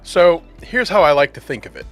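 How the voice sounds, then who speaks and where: A man's voice: fairly high pitch, big pitch swings, fairly quick, faint music behind. A man hosting a podcast in casual chat, enthusiastic and laughing often as he talks. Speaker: podcast host.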